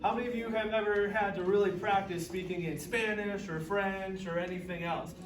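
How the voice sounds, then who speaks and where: In a large room full of children, a man hosts a children's program and leads a group lesson, encouraging the kids and peppering them with questions. His voice sits high with fairly even intonation, and he talks a little fast. The recording is dull and echoey, picked up by a distant mic with background noise and children around.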